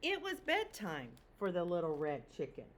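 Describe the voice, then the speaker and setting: A woman teacher reading a picture book aloud to children, expressive and asking them questions. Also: fairly low pitch, normal speed.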